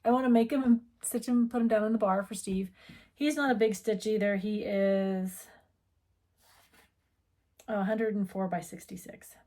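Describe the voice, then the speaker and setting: A woman's voice: mid-range voice, fairly even intonation, moderate pace, pauses often, mellow. A middle-aged woman from the United States who owns a needlework shop, chatting casually and rambling as she talks. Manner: chatty, rambling, self-interrupting. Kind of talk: casual chat.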